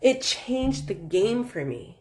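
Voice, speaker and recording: A woman from New York giving casual motivational advice, animated and confrontational, acting out voices as she tells stories. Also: medium pitch, slow pace, slight background noise. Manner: animated, confrontational storyteller who acts out voices. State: hard of hearing. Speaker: vlogger.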